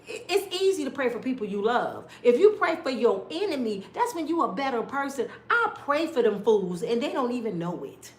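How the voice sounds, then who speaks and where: A middle-aged woman telling stories in a blunt, animated way, sometimes mimicking other people's voices. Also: fairly high pitch, normal speed, few pauses, roomy sound. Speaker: storyteller. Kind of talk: casual storytelling rant.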